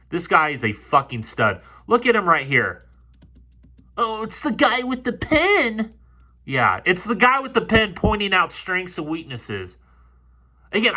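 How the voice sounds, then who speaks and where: Male film analyst, high bright voice, hot-headed and profane, breaking down game tape. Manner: excitable, profane, gets fired up.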